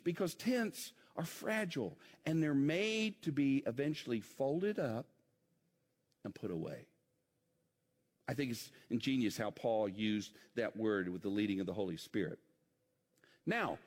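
A man preaching in a big reverberant church sanctuary, his voice ringing with a long hall echo. He speaks a little higher than most men, and his pitch swings widely as he puts rhetorical questions to the congregation in a conversational sermon style. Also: sing-song, normal speed, a little mellow. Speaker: pastor.

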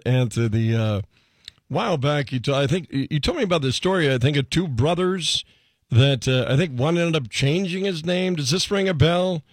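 A male radio host chats in a loose, rambling way and laughs easily. His pitch is middling. The sound is dry and close. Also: dry recording. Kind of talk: casual radio chat.

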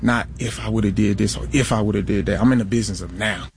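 A man's voice: fairly low pitch, steady tone, fast, vocal fry, slight background noise. A man speaking in an earnest, emphatic motivational tone. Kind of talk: motivational sound clip.

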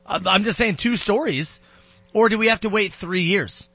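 A man's voice: high voice, measured pace, bright, forceful tone, breathy edge, dry recording, lo-fi sound. Easygoing male radio host. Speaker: radio morning show host. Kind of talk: casual radio chat.

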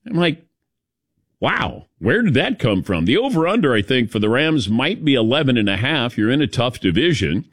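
An older man hosting a sports talk show, spinning anecdotes with easy chuckles. His pitch rises and falls freely, and the voice sounds dry and close to the mic. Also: moderate pace, breathy edge, no room sound. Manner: animated storytelling, chuckling asides. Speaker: sports radio host.

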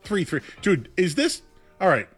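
A young man co-hosting a casual sports talk show, chatty and animated, his voice jumping up when he gets excited. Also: high voice, normal speed, breathy edge, soft background music. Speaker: sports radio co-host.

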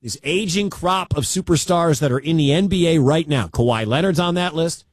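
A man's voice: fairly high pitch, moderate pace, no echo. A man hosting a sports radio show, talking in an emphatic way and repeating his key points.

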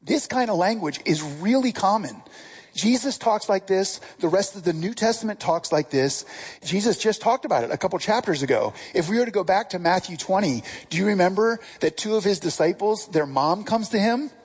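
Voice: mid-range voice, expressive, moderate pace, darkish tone, slightly rough, poor audio. A preacher giving a conversational sermon in a casual way, often asking the listeners direct questions.

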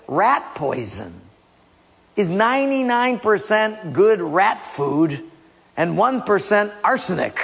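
A male pastor preaching a sermon with animated delivery, acting out little skits and quizzing the listeners. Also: high voice, creaky, husky. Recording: long hall reverb.

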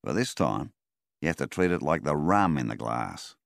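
A man voicing a slow, deliberate farmer giving sage advice in an audiobook. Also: extremely low pitch, big pitch swings, vocal fry, no echo, clean studio sound, exaggerated voice.

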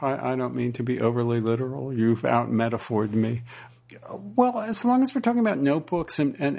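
A man's voice: mid-range voice, gravelly, a little mellow. A man asking wry, probing questions in casual conversation, often restarting his words. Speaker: interviewer.

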